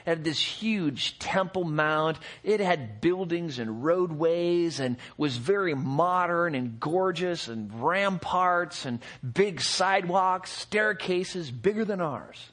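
A man preaching a sermon as pastor, expressive, rising to excited peaks and dropping to hushed low passages. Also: takes it slowly, hardly any pauses.

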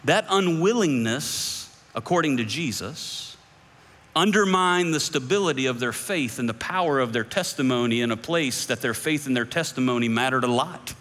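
A male pastor preaching a sermon in a conversational way, his voice climbing high whenever he voices other people's views. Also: lively intonation, moderate pace, fairly bright tone. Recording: long echoing hall reverb.

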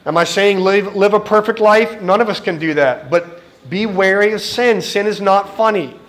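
A man's voice: high-pitched, normal speed, a bit bright. A middle-aged man preaching a sermon in an earnest, direct way, speaking to the congregation and acting out the voices he quotes.

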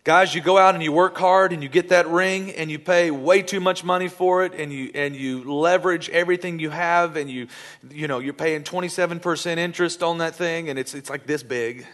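Animated preacher man, slightly high voice. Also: fairly quick. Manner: animated, playful, acts out scenes in voices. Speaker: pastor. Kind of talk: sermon. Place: church.

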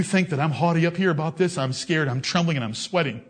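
A man preaching a fiery sermon, swinging between loud, raised declaiming and low, intense reasoning, and scolding his listeners directly. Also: fast talker, husky.

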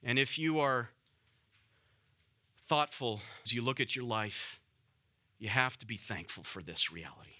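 A man preaching an expository sermon, measured and emphatic, repeating key phrases for weight. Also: mid-range voice, pushed and bright.

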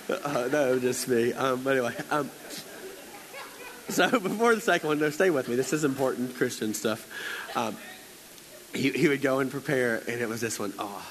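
A man's voice: mid-range voice, fairly bright tone, rough recording. A man preaching a conversational sermon, telling stories in a chatty, playful way with lots of fillers and acted-out quotes.

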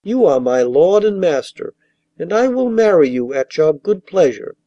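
A man's voice: a little high, very animated, normal speed, warm tone, dry recording, dull audio. Man doing a coaxing, cunning young princess. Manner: sweet, wheedling and tender.

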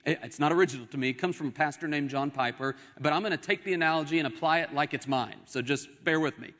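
A young adult man preaching a sermon as pastor, with emphatic rises and dramatic pauses. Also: on the high side, a bit bright. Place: church sanctuary. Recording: long hall reverb.

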